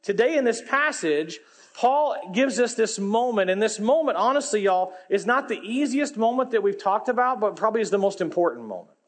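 A pastor, telling a humorous personal story in a folksy, animated sermon. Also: male voice, high-pitched, moderate pace.

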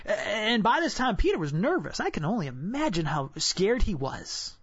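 A preacher giving a devotional sermon in a casual, talky way who sinks into hushed whispers at solemn points. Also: medium pitch, big pitch swings, moderate pace, slightly rough, dry recording. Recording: dull, dry lo-fi recording.

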